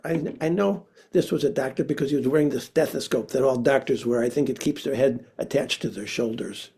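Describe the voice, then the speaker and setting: Slow, gravelly-voiced male storyteller. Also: a little high. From Minnesota, USA. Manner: expressive, with sudden drops to a hush. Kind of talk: personal storytelling to an audience.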